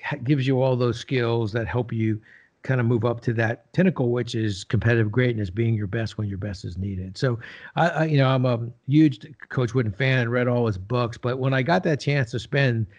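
Older male guest, animated storyteller, mid pitch, lo-fi podcast sound. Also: normal speed. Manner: animated storyteller, acts out quoted dialogue. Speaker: podcast guest, business leader. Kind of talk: casual interview storytelling. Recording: slightly dull lo-fi sound.

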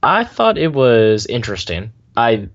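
A man co-hosting a sports podcast, talking casually with dry, deadpan humor. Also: medium pitch, measured pace. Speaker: podcast co-host. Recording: slightly dull lo-fi sound.

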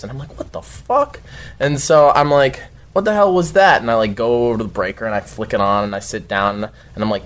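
A young man telling a story in casual talk, animated, swearing often and shouting his own outbursts. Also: fairly low pitch. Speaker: guest storyteller.

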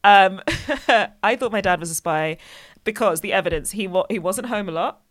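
A woman's voice: medium pitch, expressive, moderate pace. A woman comedian telling stories in casual podcast chat, laughing often. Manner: playful storytelling, laughs often. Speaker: guest comedian.

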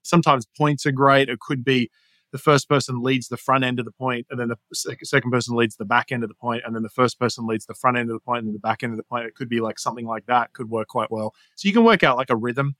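A man's voice: mid-range voice, fast talker, no room sound. A man, a storytelling and sales coach talking energetically on a podcast interview, laughing often as he explains. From Australia. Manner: energetic, laughs often, puts on quoted voices.

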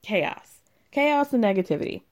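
A young woman recapping a reality show in a casual, animated way, swearing freely and laughing often. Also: medium pitch, normal speed.

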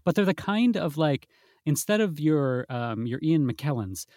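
A man's voice: a little high, animated, unhurried, a little mellow, no echo, clean studio sound. A man in casual podcast chat, telling a story with many asides and restarts, in a self-deprecating way. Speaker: podcast co-host.

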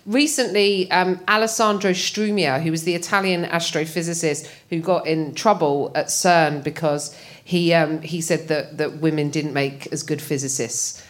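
A woman chatting as a guest at a live podcast recording, animated and laughing often. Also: low voice, moderate pace. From United Kingdom.

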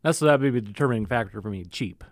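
A man co-hosting a podcast who talks quickly and keeps his replies short and wry. His voice sits at a middle pitch with a dry, close sound. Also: lively intonation, dry recording. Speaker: podcast co-host. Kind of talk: casual chat.

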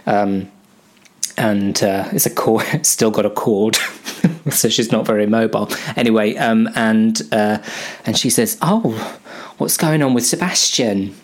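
Husky guy making up a silly story, lots of ums, rambly. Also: fairly low pitch, fairly even intonation, unhurried. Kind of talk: improvised comic storytelling.

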